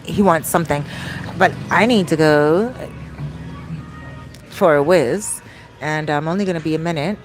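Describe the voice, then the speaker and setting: A woman's voice: low-pitched, a little slow, long pauses, over music. A middle-aged woman, a life coach, chatting casually to camera in a Q&A vlog and wandering off topic as she talks straight to her viewers. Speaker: soul coach hosting a Q&A vlog.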